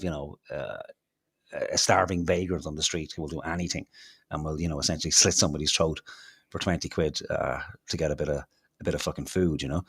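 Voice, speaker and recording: A man's voice: deep voice, husky, no echo, studio quality. An Irish man co-hosting a podcast, ranting with heavy swearing, sarcasm and mockery in casual talk. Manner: profane, heated, sarcastic, mocking. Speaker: podcast co-host. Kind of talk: casual political rant.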